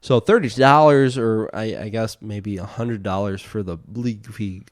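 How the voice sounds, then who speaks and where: A young man co-hosting a casual podcast, jumping between topics and telling stories deadpan, with frequent laughs. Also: lowish voice, normal speed, no echo, clean studio sound. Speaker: podcast co-host. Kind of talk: casual chat.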